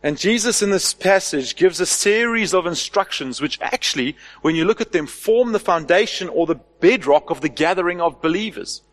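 A high-voiced male pastor preaches to his church, firing off rhetorical questions and leaning hard on key phrases. His voice rings out with a long hall reverb behind it. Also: animated, moderate pace, hardly any pauses, a bit bright. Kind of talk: sermon.

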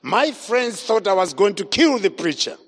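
A man's voice: high voice, very animated, normal speed, fairly bright tone, breathy edge. A man preaching his testimony as an evangelist, telling his story dramatically and acting out the voices he quotes. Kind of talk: testimony sermon. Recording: long reverb of a large hall.

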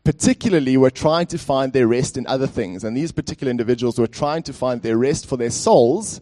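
A man's voice: medium pitch, fairly quick, dark tone. A man preaching a sermon as pastor in a church, conversational and speaking directly to the congregation with frequent fillers.

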